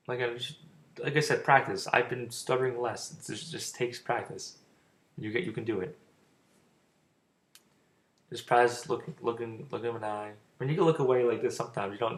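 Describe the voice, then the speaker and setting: A young man with a stutter, rambling casually as he gives dating advice in a vlog. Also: medium pitch. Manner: rambling, stuttering, loose and informal. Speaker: vlogger giving dating advice.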